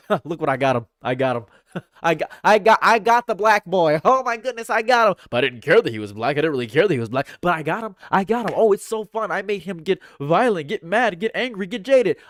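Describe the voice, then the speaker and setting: Livestreaming from home, a man with a high voice rants sarcastically and keeps repeating himself. He's speaking into a condenser USB mic, and the recording is dry with a clean studio sound.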